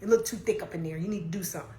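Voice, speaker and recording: A woman imitating her blunt, outspoken mother in a brisk, matter-of-fact tone. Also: on the low side, dark tone, roomy sound, lightly acted.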